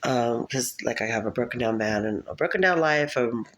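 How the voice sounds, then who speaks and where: A woman's voice: rumbling low, normal speed, a little hiss or hum. A woman talking to the camera in a casual, rambling monologue, chatty and laughing often. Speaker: vlogger.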